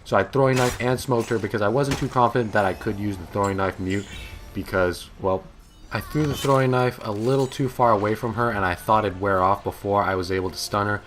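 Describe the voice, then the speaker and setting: A young man narrates his gameplay over a faint background hiss, his voice sitting a little low. He is sarcastic and amused, mocking his opponents as he walks through the match. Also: brisk, a bit bright. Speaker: gaming commentator. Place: home office.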